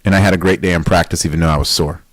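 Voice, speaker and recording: A man with a low-pitched voice hosting a weightlifting podcast. He talks in a blunt, emphatic monologue, heavy on rhetorical questions and casual swearing. The recording is dry and close. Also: steady tone, racing, no echo, poor audio.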